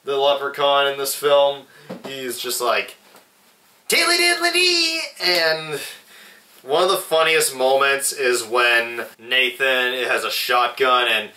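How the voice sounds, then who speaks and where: A man's voice: medium pitch, steady tone, pushed and bright. A young adult man reviewing a movie in a casual vlog. He rambles, swears a lot and often restarts his sentences. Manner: slow, rambling and profane, with lots of restarts. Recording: echoey room, mic at a distance.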